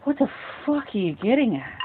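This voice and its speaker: A man's voice: very high voice, big pitch swings, normal speed, a little hiss or hum, pitched above the performer's own voice. A man putting on a frail old bedridden mother. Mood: snapping. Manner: confused, then crude and snapping. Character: frail old woman in a nursing home bed. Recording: tinny phone-like sound.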